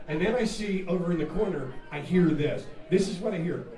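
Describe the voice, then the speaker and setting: A man, a rock singer, telling a profane, animated story between songs at a live music venue, laughing and acting out the scene. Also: high voice, a little fast. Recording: echoey live room, mic far off, loud crowd.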